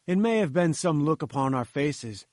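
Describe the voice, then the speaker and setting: A man reading a novel aloud as an audiobook, in a measured storytelling way. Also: on the high side, animated, darkish tone, no echo, clean studio sound. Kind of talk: audiobook narration.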